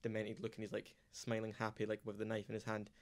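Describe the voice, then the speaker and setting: A young man co-hosts a casual film podcast and explains a scene at speed. His voice sits fairly low and barely moves in pitch. He keeps checking that his friends follow along. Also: monotone. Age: young adult. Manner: quick, keeps asking if others follow. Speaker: podcast co-host.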